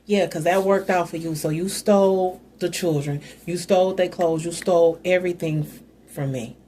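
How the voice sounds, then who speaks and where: A woman's voice: lowish voice, steady tone, normal speed, warm tone, a little hiss or hum. A woman hosting a casual Bible commentary, talking conversationally and adding side notes. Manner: conversational, musing, with asides. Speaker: host.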